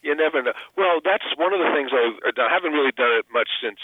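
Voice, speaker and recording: A man's voice: on the high side, animated, fast, no room sound. Older guy rambling on the phone, self-deprecating, dry tinny sound. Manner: chatty, self-deprecating, frequent restarts. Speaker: actor and comedian guest. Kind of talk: phone interview.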